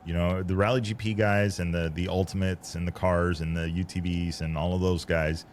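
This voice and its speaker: A man's voice: sits low, level tone, moderate pace, a little hiss or hum. A man hosting a podcast, chatting casually and thinking aloud as he goes. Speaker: podcast host. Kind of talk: casual conversation.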